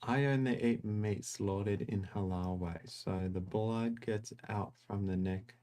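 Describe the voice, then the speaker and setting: Male co-host, dark low voice, reads out questions plainly. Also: steady tone, unhurried. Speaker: co-host reading viewer questions. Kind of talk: reading questions aloud.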